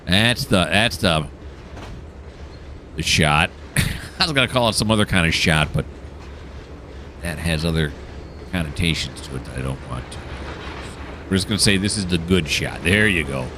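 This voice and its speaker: A man's voice: deep voice, animated, moderate pace, long pauses, noisy background. A man casually commenting while playing a train simulator game, joking and mocking himself as he rambles. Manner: jokey, self-mocking, rambling. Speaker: gameplay commentator.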